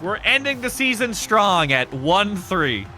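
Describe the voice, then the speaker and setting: A man streaming live who talks to his chat in a loose, joking way, swearing freely and breaking into shouts. His voice sits high and swoops around a lot. Faint music plays under him. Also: big pitch swings, a little slow. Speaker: streamer host of a wrestling show. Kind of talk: casual livestream chat with viewers.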